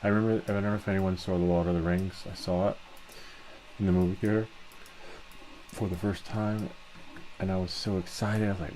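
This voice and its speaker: A man's voice: deep voice, brisk, slight background noise. A man hosting a casual 3D printing tutorial, thinking aloud step by step as he works. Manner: relaxed, thinks aloud step by step while working. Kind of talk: casual screen-share tutorial narration.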